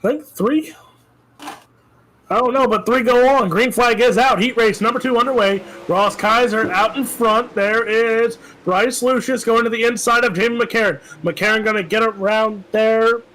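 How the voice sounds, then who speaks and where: High-voiced man calling a sim race. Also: steady tone, a bit bright, low-quality recording. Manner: joking, quick play-by-play calls. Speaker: race commentator. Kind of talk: sim racing play-by-play commentary.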